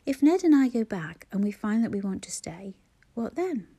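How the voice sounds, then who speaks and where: A woman's voice: fairly high pitch, sing-song, normal speed, breathy edge, heavily acted. A woman voicing a wry young mother. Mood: protesting. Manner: wry, gently protesting.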